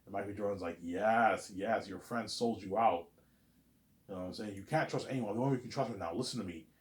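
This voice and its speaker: Man, low voice, rambling vlogger who keeps saying "you know what I'm saying" and jumps loud to act out lines. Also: fast. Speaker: vlogger pitching a movie idea. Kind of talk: rambling casual monologue to camera.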